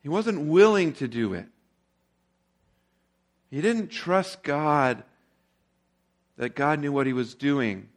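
Guy pastor telling a story in a sermon, chatty and easy, kinda high voice. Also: animated, slow, pauses often. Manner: conversational storytelling.

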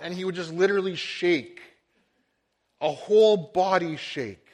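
A man's voice: sits high, a little slow. A middle-aged man preaching a sermon as a pastor, earnest and building to emphatic swells.

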